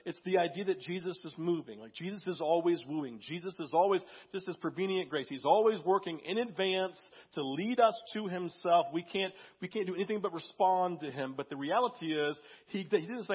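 A man's voice: high voice, a little fast, hardly any pauses, husky, lo-fi sound. A man preaching a conversational sermon, telling a story and acting out quotes, a little sick that day. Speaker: pastor.

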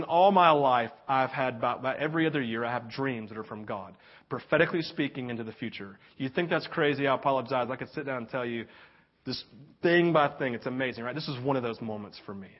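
A man preaching a sermon, telling a personal story with animated swings from hushed to excited. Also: mid-range voice, muffled recording. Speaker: pastor.

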